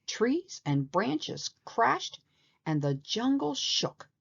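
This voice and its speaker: Expressive woman reading a storybook aloud. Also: a little high, drawn-out words, creaky, breathy edge, highs cut off. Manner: expressive and animated. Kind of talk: storybook read-aloud narration.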